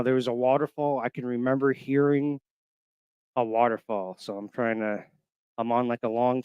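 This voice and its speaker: A man in his thirties from Florida, calling in to a show and haltingly telling a personal story full of fillers. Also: medium pitch, clear, resonant tone, no echo. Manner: halting, emotional, many fillers. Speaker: caller. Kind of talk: casual storytelling. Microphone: call-in line.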